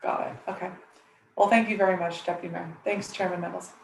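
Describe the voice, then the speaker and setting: Woman chairing a hearing, low voice, far from the mic in an echoey room, brisk and courteous. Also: level tone, vocal fry, slight background noise. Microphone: video call.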